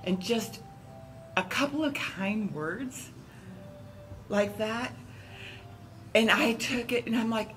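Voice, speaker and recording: A woman at a church round table, telling a story in a casual, animated way and acting out the voices in it. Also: on the high side, slow, long pauses, faint music behind, rough recording. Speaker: church member.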